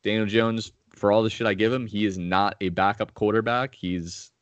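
A man's voice: fairly low pitch, steady tone, moderate pace, no room sound, lo-fi sound. A man hosting a casual sports betting podcast, blunt and profane, going through picks and calling on his co-hosts. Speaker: podcast host.

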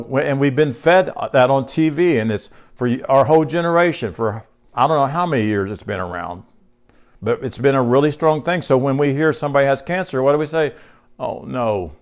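A man's voice: medium pitch, moderate pace. A male pastor preaching in a conversational sermon style, reading scripture aloud and putting questions to his congregation. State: short on sleep.

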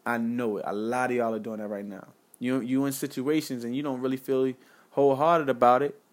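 A man's voice: medium pitch, fairly even intonation, fairly quick. A young man giving impassioned life advice straight to his viewers. He talks in a casual, slangy way, repeats his points for emphasis and keeps calling out to "man" and "y'all.". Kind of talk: impassioned direct-to-camera monologue.

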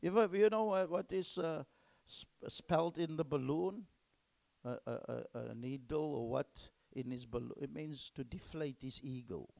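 A male pastor, preaching a sermon emphatically and swinging between loud exclamations and hushed whispers. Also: a little high, moderate pace, gravelly.

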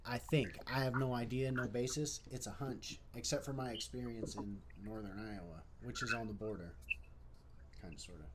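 A man from Minnesota co-hosting a live stream, talking in a laid-back, slangy way that swings from low mumbles to loud bursts. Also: heavy background noise. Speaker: live show co-host. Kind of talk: casual stoned chat. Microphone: livestream mic.

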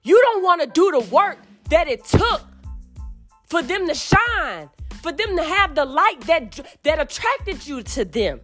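Woman, heated profane venting, high animated voice, faint background music. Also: measured pace. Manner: heated, profane, rising to yelling. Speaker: podcast host. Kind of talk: angry venting monologue.

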